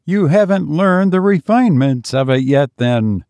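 A man putting on a nervous, higher-voiced gentleman. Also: animated, measured pace, no room sound. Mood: forced joking. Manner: laughs nervously, forced cheer with a snarl. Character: nervous, uneasy man dragged along.

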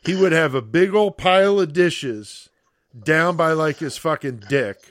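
Profane, animated male storyteller. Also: a little high, measured pace, dry recording, studio quality. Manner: profane, animated storyteller, keeps adding "okay?". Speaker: podcast host telling a story. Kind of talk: casual storytelling chat.

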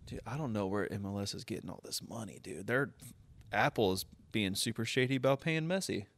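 A man's voice: on the low side, expressive, fairly quick, fairly bright tone. A young man co-hosting a casual sports podcast, swearing freely, laughing often and breaking into incredulous rants. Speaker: podcast co-host.

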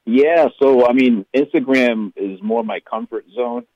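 A man's voice: mid-range voice, measured pace, darkish tone, no echo. A man with a Boston accent, a lawn care business owner, chatting as a podcast guest in an easygoing way with many fillers. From Massachusetts, US. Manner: easygoing, lots of fillers and laughs. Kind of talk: casual interview chat. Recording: dull, dry lo-fi sound.

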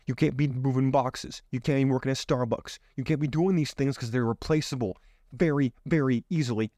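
A man's voice: mid-range voice, a little mellow, no echo, clean studio sound. A man hosting a podcast, giving an emphatic motivational monologue full of rhetorical questions, speaking into his own microphone. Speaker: podcast host. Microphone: own microphone on camera.

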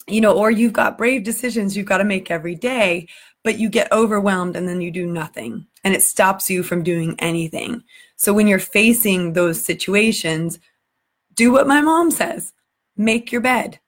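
Earnest woman talking from the heart. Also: mid-range voice. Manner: earnest, warm-hearted, a little emotional. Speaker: community group host. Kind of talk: casual heartfelt vlog talk.

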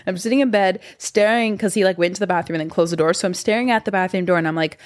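A woman's voice: mid-range voice, racing, dry recording, clean studio sound. A woman in her twenties, hosting a podcast and telling stories in a chatty way with lots of fillers. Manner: chatty, heavy use of "like". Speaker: podcast host. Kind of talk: casual storytelling.

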